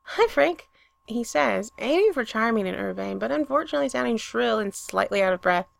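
A woman reading a romantic story aloud with expressive storytelling. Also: fairly high pitch, a little fast, creaky. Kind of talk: reading fan fiction aloud.

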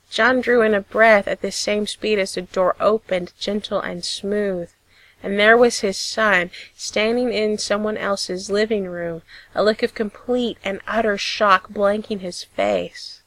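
A woman narrating a piece of fiction in a steady, measured storytelling voice. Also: medium pitch, dry recording, poor audio. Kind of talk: audiobook reading of fiction.

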